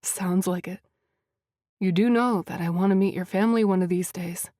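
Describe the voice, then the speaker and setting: A confident wealthy man with a deep voice, as a woman puts him on in an audiobook reading. He talks in a smooth, assured, teasing way. The sound is dry and close. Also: steady tone, moderate pace, warm tone, no room sound, lightly acted. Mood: assured, flirty.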